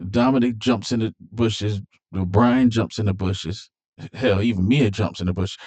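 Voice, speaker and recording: Low, mellow-voiced man recapping a movie. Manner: rambling, repeats words, many fillers. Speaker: movie reviewer.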